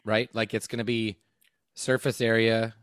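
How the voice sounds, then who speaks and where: Hesitant man, measured podcast chat. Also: fairly low pitch, flat delivery, fairly bright tone, smooth, no echo, clean studio sound. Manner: hesitant, measured, many ums. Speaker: podcast co-host. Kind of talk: casual chat.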